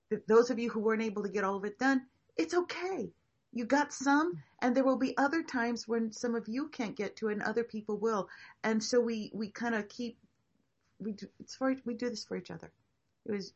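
A woman facilitating a group discussion, reflective and encouraging, talking in halting restarts. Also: fairly high pitch, lively intonation, dull audio.

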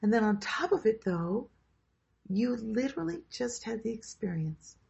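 A woman leading a group workshop who guides a grounding meditation in a slow, soothing way and then invites comments. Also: a little high, very animated, vocal fry, darkish tone, breathy edge. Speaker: workshop leader. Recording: dull lo-fi sound.

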